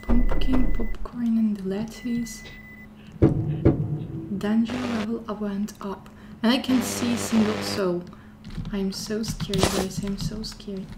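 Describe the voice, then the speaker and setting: Slow-talking woman whispering through a horror game. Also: medium pitch, steady tone, very noisy. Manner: scared, repeats herself, whispers. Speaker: gameplay streamer. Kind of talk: playing a horror game out loud. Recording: game music loud behind the voice.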